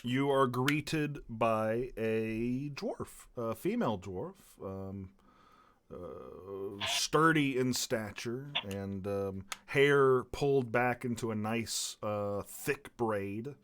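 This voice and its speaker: A man's voice: mid-range voice, extremely slow, noisy background. A man running a tabletop game as dungeon master, describing scenes in a loose, rambling way with many fillers.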